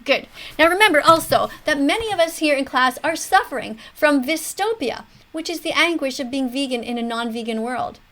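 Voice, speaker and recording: Woman in her fifties, high voice, animated teacher tone, classroom-style commentary. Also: fairly quick, hardly any pauses. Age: 50s. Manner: animated, schoolteacher tone. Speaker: teacher hosting a reaction video.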